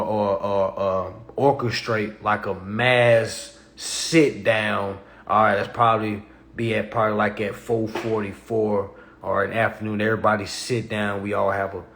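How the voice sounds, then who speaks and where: A man hosting a casual livestream, talking emphatically and tagging his points with all right and okay, shifting from low-key talk to loud animated bursts. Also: gravelly, a little hiss or hum. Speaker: livestream host.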